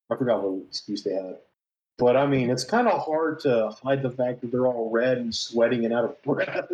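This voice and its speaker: A man's voice: mid-range voice, lively intonation, normal speed, darkish tone, echoey room, dull audio. A man in his twenties, co-hosting a podcast, telling a story in casual chat, swearing and laughing often. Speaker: podcast co-host.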